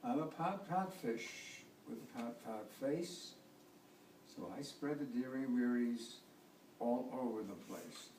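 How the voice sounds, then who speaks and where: An older man voicing a gloomy male fish in a children's picture book, reading in a slow sing-song rhyme. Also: mid-range voice, darkish tone, natural voice. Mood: glum. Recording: echoey distant home recording with noise.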